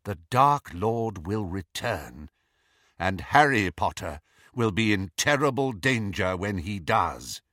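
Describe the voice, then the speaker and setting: A man reading an old wizard headmaster in an audiobook, speaking in a measured, cool and deliberate way. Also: lowish voice, sing-song, fairly bright tone, no room sound, clean studio sound, full character voice. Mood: stern. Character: old wizard headmaster, calm, cold, probing.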